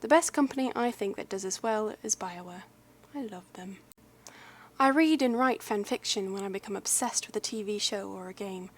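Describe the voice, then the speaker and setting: A young American woman chatting casually, then reading a list aloud in a put-on, deliberately bad English accent, rambling and giggly with lots of fillers. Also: medium pitch. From United States. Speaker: YouTuber.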